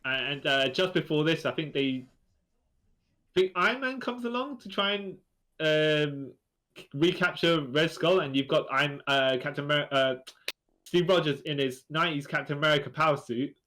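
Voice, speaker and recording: A man with a fairly high-pitched voice chats casually as a podcast co-host. He agrees readily and cuts in with extra details, laughing along as he talks. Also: moderate pace, sharp tone. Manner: chatty, lots of "yeah", laughs along, chimes in. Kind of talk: casual chat about comics.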